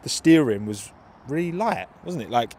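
A man's voice: mid-range voice, animated, moderate pace, darkish tone, slight background noise. A man chatting in an easygoing, rambling way outdoors at a race track. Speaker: presenter watching trackside. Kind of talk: casual chat.

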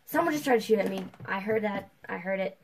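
A young adult woman chatting casually while playing a game, excitable and quick to poke fun at herself. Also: medium pitch, slight background noise, poor audio. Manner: chatty, excitable, self-mocking. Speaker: gamer. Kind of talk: casual gameplay chat.

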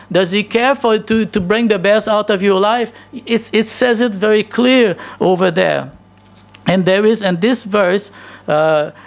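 High, gravelly-voiced preaching pastor. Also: male voice. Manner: emphatic preaching with rhetorical questions and restarts. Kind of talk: sermon.

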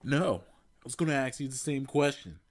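A man voicing a cocky, fast-talking male hedgehog hero from a video game, in a brash, wisecracking manner. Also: mid-range voice, lively intonation, dry recording, pitched above the performer's own voice, lightly acted.

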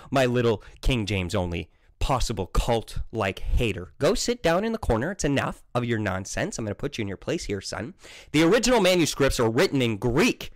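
Heated, animated French-accented man. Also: medium pitch, no echo. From French Canada. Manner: combative, sarcastic, scolding. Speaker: Christian vlogger. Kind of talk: heated monologue.

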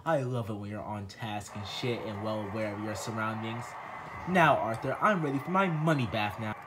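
A man's voice: fairly low pitch, normal speed, background noise, close to an everyday voice. A man voicing a smug, spoiled rich man who talks down to everyone with a bossy drawl. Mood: bored.

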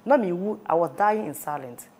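A woman's voice: fairly low pitch, animated, normal speed, darkish tone. Earnest Ghanaian woman telling her story. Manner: mixes Twi and English, earnest storytelling. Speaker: interviewee. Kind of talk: emotional personal testimony.

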